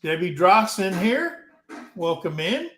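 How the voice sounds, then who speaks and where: An American man hosting a casual live-stream chat, telling long stories in a rambling, unhurried way. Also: sits high, big pitch swings, fairly bright tone, reverberant. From United States. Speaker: host.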